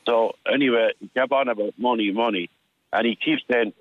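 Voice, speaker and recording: A man's voice: mid-range voice, no room sound. An older Irish man tells a long story down a phone line that sounds thin and tinny. He restarts his sentences often, and he slips into the voices of the people he quotes. The sound is dry and close. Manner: halting storyteller with many restarts, acting out dialogue. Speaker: caller. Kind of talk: telling a personal story on a radio phone-in.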